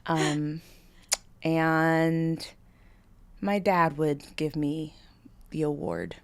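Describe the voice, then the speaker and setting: A woman guest on a podcast, chatting casually and laughing often, giving short relaxed answers. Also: sits low, drawn-out words. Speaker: guest, pro cyclist.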